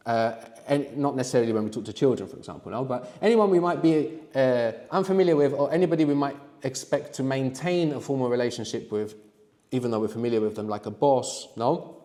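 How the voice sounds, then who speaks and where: A man teaching a live language workshop, explaining slowly and prompting his students to answer. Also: mid-range voice, dark tone, in a large hall. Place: room with students.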